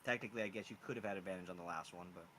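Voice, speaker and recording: Bright-voiced man running a tabletop game. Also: sits low, racing, a little hiss or hum. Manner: casual, rambling, many fillers. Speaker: game master.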